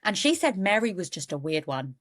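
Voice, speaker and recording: A woman's voice: on the low side, big pitch swings, a little fast. A woman, co-hosting a podcast and casually retelling a true-crime case with jokey asides. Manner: chatty, goes off on jokey asides. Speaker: podcast co-host.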